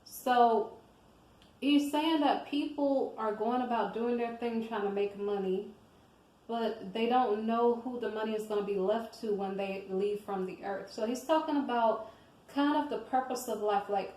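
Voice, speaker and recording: A woman's voice: a little high, unhurried, darkish tone. Rambling woman talking scripture, echoey room. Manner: conversational, rambling, checks in with listeners. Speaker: scripture commentator. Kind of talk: casual devotional scripture commentary.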